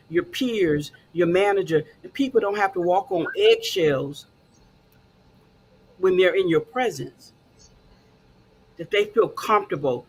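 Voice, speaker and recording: A woman's voice: on the low side, slight background noise. A woman hosting a casual talk show, encouraging and conversational, with frequent fillers.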